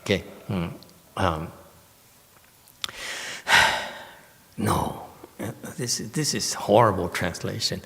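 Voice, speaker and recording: A man with a medium-pitched, sing-song, slightly bright voice delivers a Dharma lecture on a sutra at a measured pace with long pauses. As a Buddhist master in a reverberant temple lecture hall, he teases and quizzes his audience with emphatic questions.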